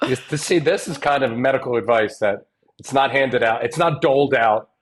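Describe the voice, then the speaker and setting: A man co-hosting a podcast in the role of the dad, cracking dry, deadpan jokes. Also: medium pitch, normal speed, slight background noise. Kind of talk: casual chat.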